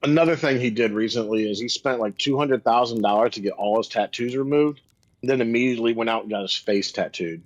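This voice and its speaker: A man with a slightly husky voice tosses in offhand remarks on a comedy podcast. His lo-fi mic sounds a little dull, and the sound is dry, with no room echo. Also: medium pitch, a little fast. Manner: offhand, chatty, says dude and like. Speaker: podcast co-host. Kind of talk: casual comedy podcast chat.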